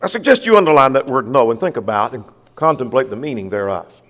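A man's voice: medium pitch, expressive, fast talker, a bit bright. A man preaching a sermon, emphatic, asking rhetorical questions and reading scripture aloud. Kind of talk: sermon, Bible study. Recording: long hall reverb.

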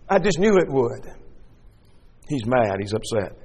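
A man preaching a sermon, reading scripture aloud and explaining it, rising into loud dramatic lines and falling to quiet asides. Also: unhurried, husky, big-room sound. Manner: expressive, acts out scripture with rising pitch and drops to quiet asides.

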